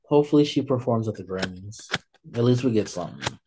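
A man co-hosting a podcast in casual chat, relaxed and hesitant, with frequent ums between points. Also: on the low side, fast talker, noisy background. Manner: relaxed, hesitant with many fillers. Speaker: podcast co-host.

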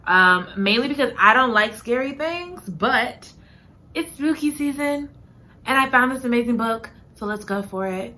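A woman hosting a book podcast, chatting casually and reading a summary aloud, animated and quick to laugh at her own slips. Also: on the high side. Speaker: podcast host.

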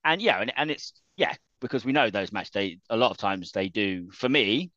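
A man's voice: lowish voice, animated, normal speed, pushed and bright, dry recording, highs cut off. A man chatting casually about wrestling as a podcast co-host, laughing often and restarting his sentences.

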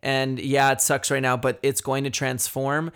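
A man in casual podcast conversation, earnest and frank. His voice is smooth and resonant at an ordinary pitch. He thinks aloud with plenty of fillers and swears casually. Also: completely flat delivery, normal speed, fairly bright tone. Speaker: psychiatrist podcast guest.

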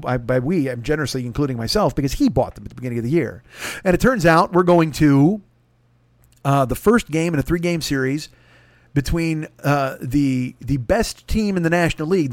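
Brief: male podcast host, fairly high voice, rambling profane storyteller, close dry mic. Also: no echo. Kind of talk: comedic storytelling.

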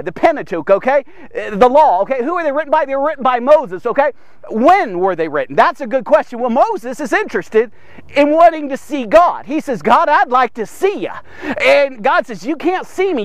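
A middle-aged man giving an informal devotional sermon, energetic and punctuating his points with "okay?", sometimes acting out speakers in a raised voice. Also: very high-pitched, no echo. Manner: acts out biblical speakers in a raised voice. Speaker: devotional podcast host.

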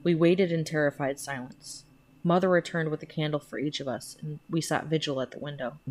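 A woman narrating a horror story in a slow, hushed, measured reading, with music playing underneath. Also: low-pitched. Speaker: podcast storyteller.

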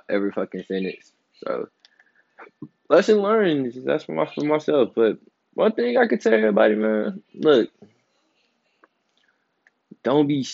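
A man's voice: lowish voice, creaky, a little mellow, dry recording, muffled recording. A man in his twenties talking casually and loosely in a solo podcast, rambling, slangy and emphatic. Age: 20s. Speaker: podcast host.

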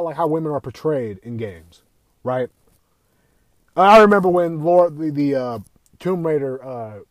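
A man's voice: a little high, darkish tone, dry recording. A young man ranting as a podcast host, swearing constantly, repeating himself and firing rhetorical questions. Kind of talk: profane opinion rant.

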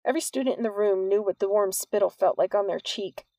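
A woman reading a novel aloud as a narrator in a steady storytelling manner. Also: medium pitch, fast, no room sound. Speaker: audiobook narrator. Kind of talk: scripted narration.

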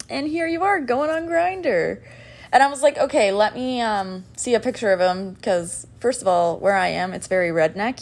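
A young woman hosting a casual podcast, rambling in a scattered, chatty way with lots of "like" and "um". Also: medium pitch. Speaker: podcast host.

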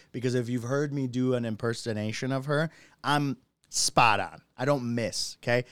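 An excitable man hosting a live-stream podcast, talking casually and laughing often. His voice is smooth and resonant, recorded close and dry. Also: mid-range voice, fast, dry recording. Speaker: podcast host. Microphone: phone or computer mic on a live stream.

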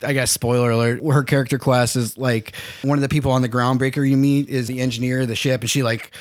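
Young male podcast co-host, casual and enthusiastic, mid-pitched, lots of "like"s. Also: little pitch movement, fast talker. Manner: enthusiastic, rambling with many "like"s. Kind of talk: casual chat.

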